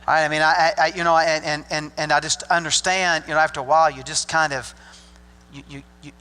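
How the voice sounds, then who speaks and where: Older male pastor from Arkansas, bright folksy delivery, joking asides, big reverberant hall. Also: on the high side, little pitch movement, brisk, clear, resonant tone. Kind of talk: sermon. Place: church sanctuary.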